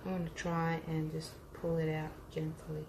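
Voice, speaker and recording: A woman's voice: low voice, completely flat delivery, moderate pace. Chatty Australian woman in a roomy space. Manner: chatty, talks to viewers while working. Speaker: art teacher and vlogger. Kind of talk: casual live-stream chat while painting. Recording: roomy echo with faint hum.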